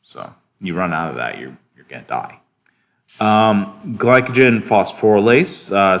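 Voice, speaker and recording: Low-voiced man lecturing a class. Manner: relaxed, checks in often with students; chuckles at his own asides. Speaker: biochemistry lecturer.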